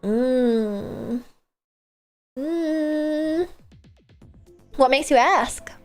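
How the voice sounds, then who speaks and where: A woman streamer chatting casually and rambling with lots of fillers, breaking into sudden loud outbursts while she plays a game. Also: sits high, very slow, faint music behind. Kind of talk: casual live-stream chat while gaming.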